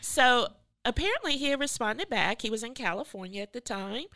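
A middle-aged woman, an artist and professor, telling a story in an animated way and acting out the voices she quotes. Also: a little high, fairly quick. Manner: animated, acts out quoted voices, laughs often. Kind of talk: storytelling in a podcast conversation.

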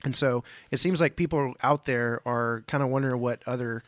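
A man's voice: mid-range voice, fairly even intonation, fairly quick. A man co-hosting a podcast, chatting casually, rambling and playful as he sets up questions. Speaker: podcast co-host. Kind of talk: casual chat.

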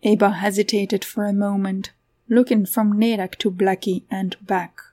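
A woman's voice: medium pitch, flat delivery, moderate pace, dark tone. A woman narrating a fantasy story aloud, giving the characters voices of their own. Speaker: audiobook narrator.

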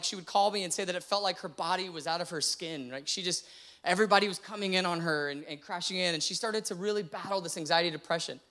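In a personal testimony sermon, a young adult pastor shares his own story from the pulpit with earnest feeling. His voice sits high and sounds pushed and bright.

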